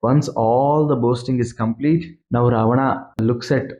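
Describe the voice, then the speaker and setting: A man's voice: mid-range voice, fairly even intonation, unhurried, mellow, poor audio. A man retelling an epic story in an earnest, plain-spoken way, repeating phrases for emphasis. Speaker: scripture storyteller.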